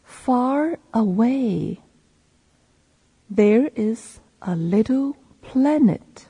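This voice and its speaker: A woman with a mellow, husky voice repeats a children's story one phrase at a time. She reads very slowly, and her pitch moves in a lively way. The sound is soft and warm. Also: muffled recording. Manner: repeats each phrase slowly and clearly after a male reader. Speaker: reading teacher. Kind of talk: slow read-aloud for learners to repeat.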